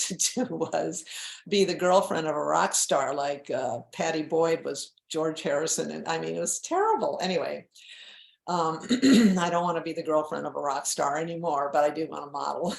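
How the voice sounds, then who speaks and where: A woman's voice: sits low, vocal fry, roomy sound. A woman in her seventies from New England, a guest on an interview show, talking in a candid, self-mocking way and laughing often. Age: 70s. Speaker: guest author. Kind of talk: casual interview chat.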